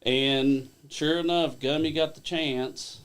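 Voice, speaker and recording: A man, a wrestling promotion owner and guest, telling stories in a casual, animated way and laughing along. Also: fairly high pitch, slow pace, clear, resonant tone. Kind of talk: casual storytelling on a live stream.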